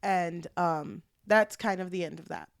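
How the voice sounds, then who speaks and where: A woman's voice: fairly low pitch, unhurried, clear, resonant tone, dry recording, clean studio sound. A woman co-hosting a book podcast in casual chat, swearing freely and retelling scenes with quoted lines. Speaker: podcast co-host.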